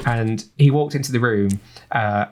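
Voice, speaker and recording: A man's voice: medium pitch, a little slow, a little mellow. A man with an English accent, chatting on a podcast and rambling with lots of ums and restarts. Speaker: podcast co-host. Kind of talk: casual chat.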